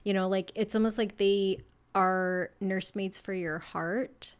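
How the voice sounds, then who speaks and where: Tearful young woman giving a gentle reading. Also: medium pitch, fairly even intonation, a little slow, smooth. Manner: soft, rambling, full of "like" and fillers. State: emotional, close to tears. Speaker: tarot reader. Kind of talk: casual astrology reading.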